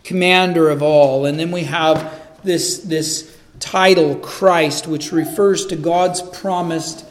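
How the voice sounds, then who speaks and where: A male pastor delivers a sermon in a high-pitched voice. He speaks at an unhurried, deliberate pace. His delivery is earnest and emphatic, often doubling words as he drives a point home. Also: steady tone, slight background noise.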